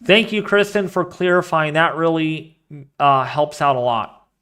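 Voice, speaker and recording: A man hosting a live weather stream, talking casually and excitably, rambling off into asides while reading the models and the chat. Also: fairly high pitch, unhurried, clean tone. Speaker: weather livestream host.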